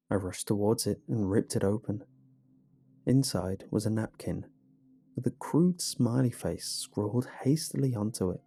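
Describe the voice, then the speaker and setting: A man narrating a first-person horror story in a measured, hushed way. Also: lowish voice. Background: faint music.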